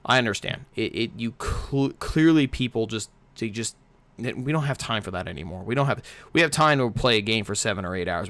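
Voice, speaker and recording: A man's voice: mid-range voice, a bit bright, no room sound. A man giving a casual, exasperated game review, ranting and swearing freely into a close home mic.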